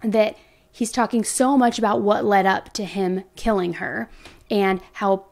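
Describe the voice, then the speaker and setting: A woman's voice: medium pitch, fairly even intonation, measured pace, vocal fry, a little mellow. A young woman commenting on a true crime case, reading a letter aloud and breaking off with indignant, skeptical remarks.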